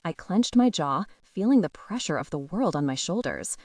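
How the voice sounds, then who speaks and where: A woman's voice: on the low side, very animated, moderate pace, darkish tone, no echo. A woman narrating a first-person audiobook, telling the story expressively and with feeling.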